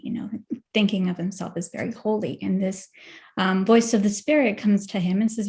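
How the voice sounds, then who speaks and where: A woman on a video call retells a story to her meditation group in a casual, hesitant way. Her voice has a creaky texture at a mid pitch. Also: fairly even intonation, moderate pace, darkish tone. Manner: chatty, hesitant, many fillers.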